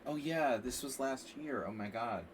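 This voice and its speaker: Chess streamer man, mid pitch, chatty and rambling; mic a bit far off, faint hiss behind. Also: unhurried. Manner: rambling and animated, frequent "like" and "you know". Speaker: chess coach streaming a lesson. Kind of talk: casual live-stream commentary.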